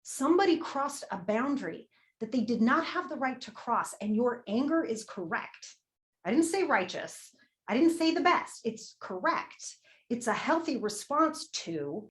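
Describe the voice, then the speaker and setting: A woman's voice: on the high side, lively intonation, a little slow. Emphatic woman leading a workshop. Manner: candid, emphatic, swears casually; repeats a prompting question. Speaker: workshop leader. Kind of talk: motivational workshop talk.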